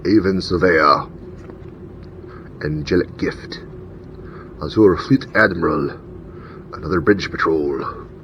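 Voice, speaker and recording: Very low-voiced man for a casual unboxing; reads names and rules aloud, slightly muffled. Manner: reads card names and rules text aloud, chatty asides. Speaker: channel host opening card packs. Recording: dull lo-fi recording with faint rumble.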